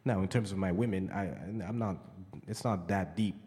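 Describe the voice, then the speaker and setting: A man co-hosting a casual chat, animated and teasing. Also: sits low, normal speed. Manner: animated, teasing, laughs often. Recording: roomy reverb.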